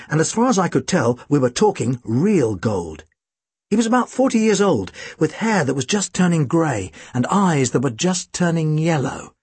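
A man's voice: on the high side, a little mellow, breathy edge, no echo. A man reading an audiobook, narrating in a dry, wry storytelling manner. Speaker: audiobook reader.

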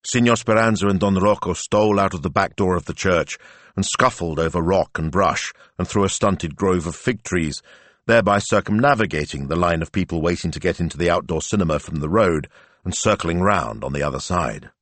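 Male audiobook narrator, deep, animated contour, dry studio read. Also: brisk, no room sound.

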